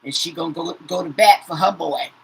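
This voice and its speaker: A woman's voice: lowish voice, a little fast, gravelly, slightly rough, low-quality recording. Chatty woman reading tarot cards. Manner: says "okay?" after nearly every phrase, repeats herself. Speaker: tarot reader. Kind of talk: casual tarot reading to viewers.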